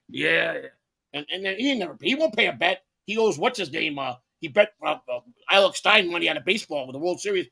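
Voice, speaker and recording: Talking fast with lots of expression, this male podcast co-host tells wandering, informal stories full of repetition and profanity. His voice sits on the high side, bright and forceful, with vocal fry and some breathiness.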